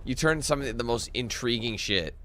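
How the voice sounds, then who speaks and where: A man's voice: mid-range voice, expressive, normal speed, fairly bright tone, slight background noise. A Canadian man giving casual gameplay commentary, chatty and loose, swearing casually as he plays. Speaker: gaming commentator.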